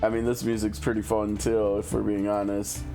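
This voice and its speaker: A man's voice: lowish voice, little pitch movement, moderate pace. A man chatting casually while streaming a game, musing and thinking aloud. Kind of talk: casual gameplay commentary. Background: game music.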